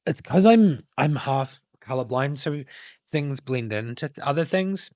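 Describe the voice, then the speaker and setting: A mellow, expressive man with a mid-range voice speaks a little slowly, recorded dry at studio quality. The tarot reader muses loosely and intuitively through a collective reading for his channel, using many filler words.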